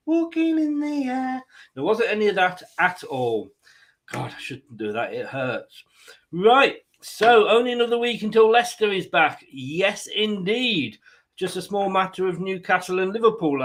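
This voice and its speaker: A man's voice: fairly high pitch, a bit bright. A man hosting a fan live stream, chatting casually and rambling with jokey asides. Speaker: fan channel host.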